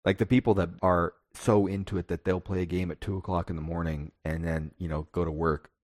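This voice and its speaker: A man's voice: low-pitched, flat delivery, a little fast, darkish tone, dry recording, studio quality. A male podcast co-host chatting casually and reflectively about tabletop games, often restarting his sentences.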